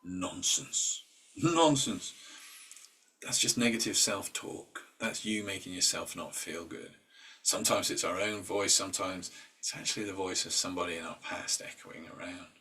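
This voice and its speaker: Husky low-voiced man talking from a distance. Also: steady tone, moderate pace, sharp tone. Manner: conversational, with filler words and restarts; acts out inner voices in quoted asides. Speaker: mindset workshop leader. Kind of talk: informal talk.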